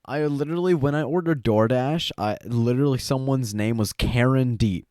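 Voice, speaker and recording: A man's voice: mid-range voice, normal speed, mellow, no echo, clean studio sound. A young man co-hosting a podcast, chatting casually and rambling with lots of fillers. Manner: rambling, frequent fillers and laughs. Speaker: podcast co-host. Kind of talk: casual chat.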